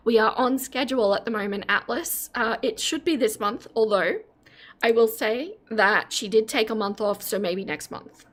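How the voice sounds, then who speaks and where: A woman's voice: on the high side, moderate pace, fairly bright tone. An Australian woman in her forties, chatting casually with her live-stream audience and giggling often. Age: 40s. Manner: giggly, breaks into laughter often.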